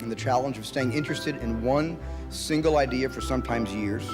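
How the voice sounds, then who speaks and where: A man's voice: mid-range voice, a little fast. A man, a filmmaker, giving an earnest, reflective prepared speech. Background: music.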